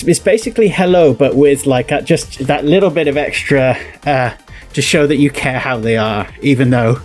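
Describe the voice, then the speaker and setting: A British man talking casually to camera, explaining a bit of slang in a rambling way with lots of fillers and restarts. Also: mid-range voice. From United Kingdom. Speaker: video creator.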